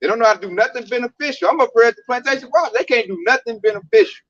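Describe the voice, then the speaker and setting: A man's voice: extremely high pitch, rapid-fire, fairly bright tone, no room sound, lo-fi sound. A man talking casually about religion in a preachy, emphatic way, full of slang.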